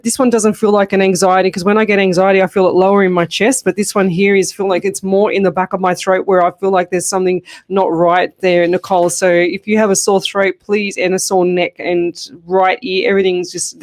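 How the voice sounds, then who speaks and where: A woman doing live psychic readings on radio, chatty and rambling, breaking into laughter often. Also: mid-range voice.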